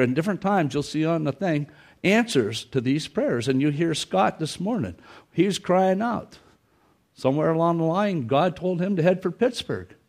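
A man's voice: medium pitch, darkish tone. A man preaching a sermon in a church, folksy in manner, who repeats his phrases and acts out the scripture quotes. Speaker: pastor.

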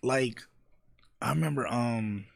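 A man on a casual interview show, telling animated stories and mimicking the people he quotes. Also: medium pitch, slow, creaky, no echo, clean studio sound. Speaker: interviewer and guest. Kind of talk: casual podcast chat.

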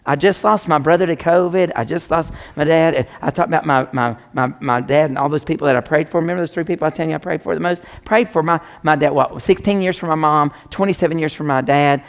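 A man preaching a sermon as pastor, swinging between loud exclamations and hushed near-whispers. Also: a little high, fast, hardly any pauses, in a large hall.

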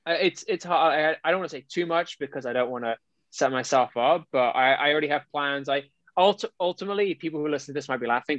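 A man chatting on a trainers' podcast in a mid-pitched voice, rambling with frequent restarts and fillers. The sound is dull and a bit lo-fi, with a very dry, close feel. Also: a bit bright, dry recording. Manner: rambling, restarts often, conversational. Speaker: personal trainer, podcast co-host. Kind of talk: casual podcast chat.

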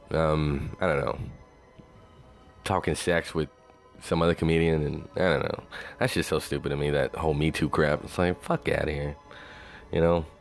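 A man talking in a loose, rambling monologue, swearing freely and saying "you know" over and over. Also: rumbling low. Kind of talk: casual monologue.

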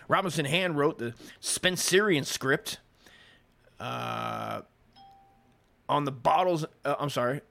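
A man's voice: on the high side, slow pace, creaky, pauses often, fairly bright tone. A man hosting a podcast, reading history aloud and breaking off into rambling, profane asides, and he often stumbles over the written words. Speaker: podcast host.

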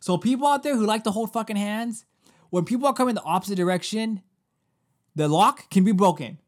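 A man's voice: sits high, a little fast. A man in his thirties, a podcast co-host, ranting in casual chat and swearing often. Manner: emphatic, swears often, animated rants. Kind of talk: casual chat with profanity-laden rants.

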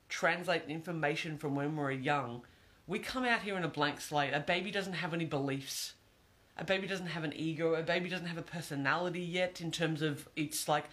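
A man's voice: fairly high pitch, fairly bright tone. A man giving an earnest, reflective monologue, repeating phrases for emphasis.

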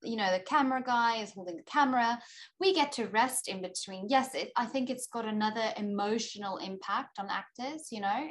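A young adult woman with a South African accent talks easily in a casual interview, pitched in the middle range. She speaks freely, often stopping to add "you know" while she gathers her thoughts. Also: fairly bright tone. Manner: chatty, frequent "you know" fillers. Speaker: actor and filmmaker guest.

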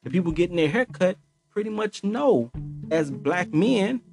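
A man's voice: high voice, big pitch swings, moderate pace, vocal fry, a little mellow, soft background music. A man in his forties hosting a podcast, talking loosely in a casual monologue with lots of slang and filler phrases. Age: 40s. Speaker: podcast host.

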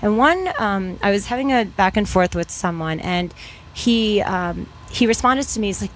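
A woman from New Mexico moderating a panel, talking in an earnest, animated storytelling way. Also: medium pitch, moderate pace, slight background noise. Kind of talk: casual panel talk.

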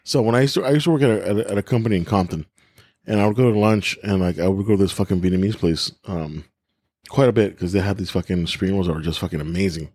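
A man's voice: low-pitched, quick pace, darkish tone, no room sound, studio quality. A man hosting a podcast, telling crude stories with lots of swearing and laughter. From California. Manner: profane, laughing storyteller. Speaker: podcast host. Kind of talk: crude casual chat.

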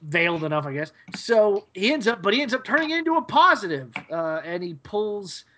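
A man co-hosting a podcast, giving a rambling, hesitant episode recap full of fillers and pauses. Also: sits high, very animated, bright, forceful tone, a little hiss or hum. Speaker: podcast co-host.

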